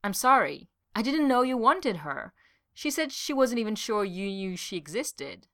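A woman's voice: medium pitch, big pitch swings, normal speed. A woman doing a mild, smug young man. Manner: gentle, modest, faintly gleeful.

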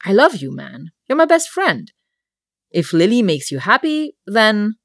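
A woman's voice: medium pitch, big pitch swings, a little slow, no room sound, voice pushed up. A woman voicing an upbeat male hockey player who earnestly reassures his best friend, in a storybook reading with a dry, close sound. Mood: affectionate. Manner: earnest, emphatic, supportive.

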